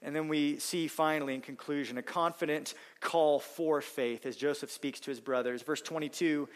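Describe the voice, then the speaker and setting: A middle-aged pastor delivers a sermon in an earnest, steady way. His voice sits a little above the usual male pitch. He leans into key phrases with strong emphasis before settling back. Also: normal speed.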